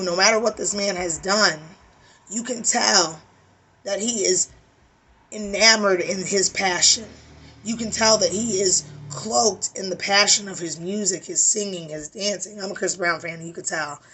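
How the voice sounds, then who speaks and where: Husky bright-voiced woman doing a tarot reading, preachy and emphatic, sounds kinda weary. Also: mid-range voice, normal speed. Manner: preachy, emphatic, swears casually. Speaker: tarot reader.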